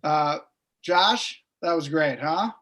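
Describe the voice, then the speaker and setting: Relaxed rabbi hosting online. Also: male voice, a little high, slow. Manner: loose, filler-heavy introductions. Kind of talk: hosting an online congregation event. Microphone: video call.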